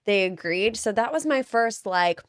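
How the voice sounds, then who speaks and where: A woman co-hosting a podcast, telling a story in casual chat with quick quoted asides. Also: medium pitch, lively intonation, clear, resonant tone, no echo, studio quality. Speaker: podcast co-host and interviewer.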